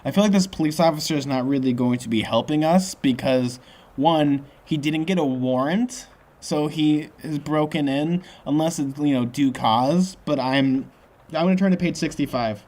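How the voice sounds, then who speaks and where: A man's voice: on the high side, moderate pace. A man reading a choose-your-own-adventure book aloud as host, breaking off for joking asides. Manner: jokey asides, lively reading.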